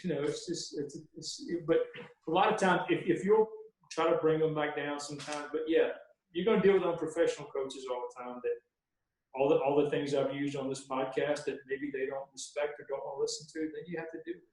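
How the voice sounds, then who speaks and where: The room is very echoey as a man with a slightly high, a little mellow voice speaks briskly in a steady tone. A veteran basketball referee on a podcast interview, he tells folksy stories and acts out his sideline exchanges with coaches.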